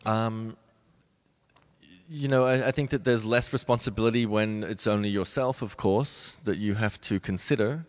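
A man in his forties, a ballet dancer being interviewed, who talks thoughtfully with many pauses and restarts. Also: lowish voice. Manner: thoughtful, halting, many restarts and soft laughs. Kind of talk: reflective interview conversation.

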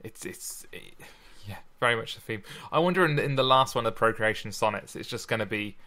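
A man's voice: lowish voice, lively intonation, brisk, sharp tone. A man co-hosting a podcast, chatting casually about poetry, often repeating words and laughing. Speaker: podcast co-host. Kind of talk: casual chat about sonnets.

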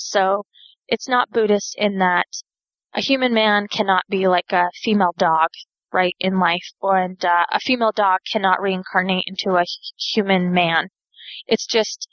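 A woman's voice: mid-range voice, a bit bright, dry recording, highs cut off. Woman podcast host, chatty explainer, wry asides, dry close sound. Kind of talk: casual explanatory talk.

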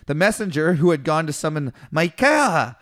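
Animated man reading scripture casually. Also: a little high, normal speed. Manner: animated, swears, mimics biblical figures in slangy voices. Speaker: podcast co-host reading scripture. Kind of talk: casual irreverent chat reading aloud.

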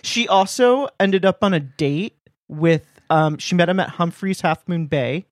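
A woman co-hosting a podcast in casual chat, animated and giggly, swearing freely. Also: lowish voice, a little slow, no room sound, studio quality. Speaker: podcast co-host. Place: studio.

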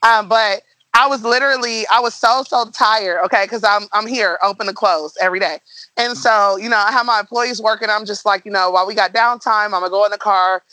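A woman who owns a restaurant, talking as a podcast guest and telling stories in a casual, animated way with frequent laughter. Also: mid-range voice, a little fast, no echo, low-quality recording. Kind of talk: casual storytelling interview.

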